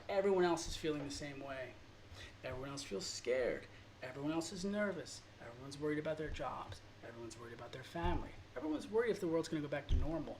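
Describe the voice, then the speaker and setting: A man's voice: a little high, expressive, quick pace, darkish tone, slight background noise. A man teaching a drawing lesson, talking in an earnest, emotional and rambling way. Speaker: art teacher. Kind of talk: informal drawing lesson monologue.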